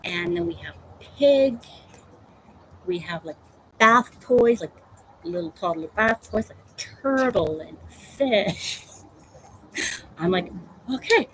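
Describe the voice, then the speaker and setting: A woman hosting a casual crafting livestream, telling animated stories about her pet and reading out viewer comments. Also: fairly low pitch, slow pace, long pauses, slight background noise, poor audio. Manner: chatty storytelling, animated. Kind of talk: casual chat.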